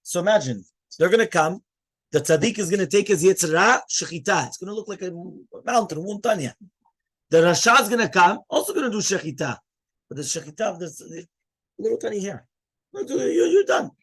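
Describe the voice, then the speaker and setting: A rabbi gives a lively Torah class, throwing questions at his listeners and hushing the room. His voice is fairly high for a man and a bit husky. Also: brisk. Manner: animated, asks the listeners questions and quiets them. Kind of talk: Torah class to a live audience.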